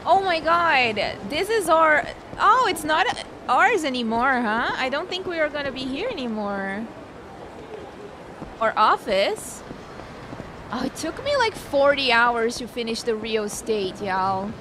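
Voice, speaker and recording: Excitable woman streamer, bright lively voice. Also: high voice, a little slow, noisy background. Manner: excitable, chatty, reacting aloud. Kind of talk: casual gameplay commentary.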